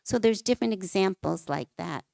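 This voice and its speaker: A woman's voice: mid-range voice, expressive, a little fast, gravelly, warm tone, dry recording. A woman giving a devotional class at a temple, telling scripture stories and acting out the quoted lines.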